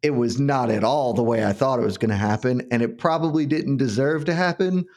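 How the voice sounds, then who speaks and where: A man co-hosts a sports betting podcast in casual chat. His voice sits at a middle pitch, and he tells stories with lively energy, often breaking into laughter. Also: a little fast. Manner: animated, laughing storyteller. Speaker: podcast co-host.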